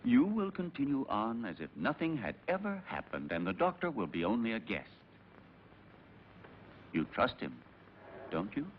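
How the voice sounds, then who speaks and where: An actor playing a calm, controlling aristocratic husband in dubbed film dialogue, smooth and patronizing. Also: male voice, medium pitch, normal speed, long pauses, a little hiss or hum. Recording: dull old film soundtrack.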